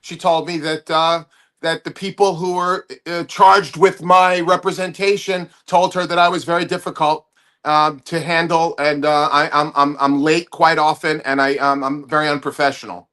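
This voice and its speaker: A male comedian guest on a podcast, telling a story with animated, halting restarts. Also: on the high side.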